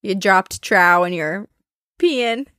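A young woman chats as a podcast co-host, quick to react and playfully expressive. Her voice sits in the middle range and sounds dry, with no room echo. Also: medium pitch. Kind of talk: casual chat.

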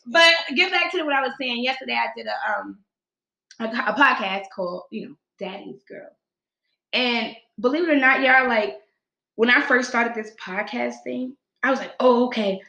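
A young adult woman hosts a podcast, telling her own story in casual, heartfelt talk and acting out quotes expressively. Her voice is a little high and creaky at a moderate pace. The sound is lo-fi in an echoey room.

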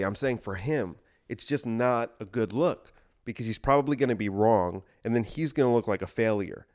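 Deadpan man riffing absurdly. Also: medium pitch, clear, resonant tone. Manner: deadpan, absurd escalating bits. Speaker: podcast host. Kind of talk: deadpan comedic monologue.

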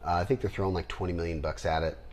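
A man hosting a podcast in casual chat, rambling and trailing off into low mutters. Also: fairly even intonation, very fast, crowd noise. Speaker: podcast host.

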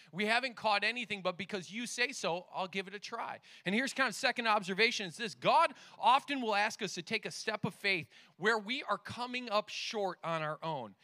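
High, bright-voiced pastor preaching outdoors. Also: male voice, no room sound, clean studio sound. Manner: animated storyteller acting out dialogue. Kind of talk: sermon. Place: outdoors downtown with passing motorcycles.

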